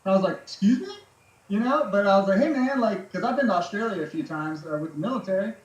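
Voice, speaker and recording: A man's voice: high-pitched, rapid-fire, roomy sound, dull audio. A man, a military veteran, chatting as a podcast guest in a laid-back way, with lots of fillers and casual swearing. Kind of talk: casual storytelling chat.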